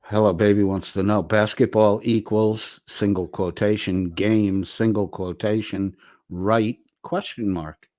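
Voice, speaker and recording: A man's voice: lowish voice, fairly even intonation, a little slow, darkish tone, no echo, studio quality. A man hosting a livestream, reading viewer comments aloud with profane, wisecracking asides. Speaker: livestream host reading chat.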